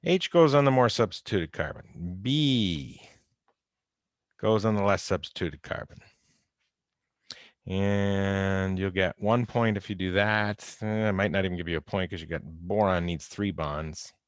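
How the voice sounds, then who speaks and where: A man's voice: low voice, a little slow, no room sound. A man giving an informal, wry recorded chemistry lecture, going over exam answers and talking straight to his students. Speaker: chemistry instructor. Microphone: close computer mic on a video call recording.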